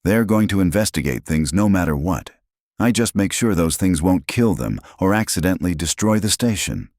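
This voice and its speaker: A man's voice: deep voice, expressive, normal speed, a little mellow, no echo, studio quality, voice pushed up. A man voicing a practical human mother engineer. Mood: dry.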